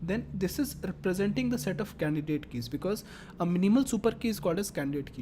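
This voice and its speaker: A woman's voice: medium pitch, noisy background. A woman teaching a lecture, explaining step by step and repeating her phrases as she works through examples. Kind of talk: classroom lecture.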